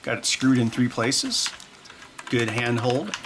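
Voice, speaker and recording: A man's voice: medium pitch, expressive, slow pace, background noise. A man hosting a workshop vlog, rambling offhand while he wires up a controller. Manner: rambling, offhand, jokey asides. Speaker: host.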